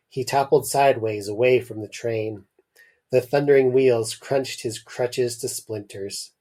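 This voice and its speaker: A male podcast host reading a story aloud, slow and theatrical. He gives the narration heavy emphasis. His pitch sits in the middle of a man's range. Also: mellow. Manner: dramatic reading, breaks into laughter.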